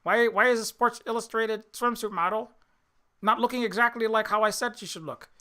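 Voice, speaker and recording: Man parodying a drowsy, confused older male commentator; slow, higher, bright mockery. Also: fairly even intonation. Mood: mocking. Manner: slow, dazed, rambling mockery.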